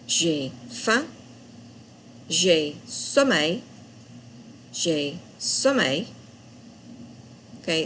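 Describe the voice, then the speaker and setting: A woman French teacher recapping a lesson for students, speaking patiently and repeating phrases clearly. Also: lowish voice, a bit bright, a little hiss or hum, rough recording.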